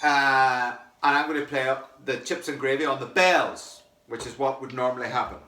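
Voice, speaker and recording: A man's voice: mid-range voice, normal speed, pushed and bright, a little hiss or hum. A man teaching a samba percussion lesson online, chanting the rhythm phrases and talking with fillers and restarts. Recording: echoey room, mic some distance away.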